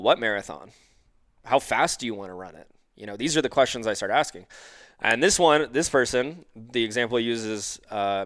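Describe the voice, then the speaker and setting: A man's voice: medium pitch, a bit bright, no room sound, clean studio sound. A man on a podcast as a guest life coach. He explains ideas through examples and acts out the lines of the people he quotes. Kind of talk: conversational podcast interview.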